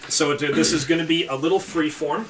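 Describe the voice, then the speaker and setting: A man's voice: a little high, brisk, far from the mic, over a noisy crowd. A man running a tabletop game as game master, explaining rules in rambling, self-correcting sentences.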